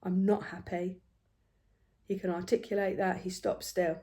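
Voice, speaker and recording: An older woman, chatting casually about family while she stitches at home, telling stories with lively swings and quiet hushed asides. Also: on the low side, moderate pace. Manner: chatty, animated storytelling, dropping to hushed asides. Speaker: craft vlogger.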